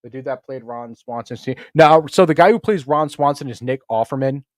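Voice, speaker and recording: A man's voice: mid-range voice, fairly quick, no room sound, clean studio sound. A man hosting a podcast in casual chat, talking loosely and with plenty of swearing, and slipping into offhand impressions. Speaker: podcast host.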